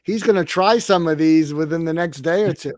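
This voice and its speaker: Calm man in his seventies, dry close sound. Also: fairly high pitch, fairly quick, no room sound. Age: 70s. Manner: calm, explanatory, acts out example dialogues. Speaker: guest psychiatrist and coach. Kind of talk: conversational advice on a podcast.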